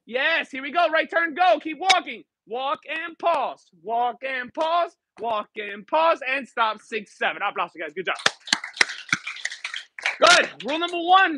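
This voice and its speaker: Male dance instructor leading a class, bilingual, playful, counts steps aloud; very high, bright voice, dry. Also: no echo. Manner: counting steps aloud, mixing English and Spanish, joking with students. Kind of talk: teaching a live dance class. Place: dance studio.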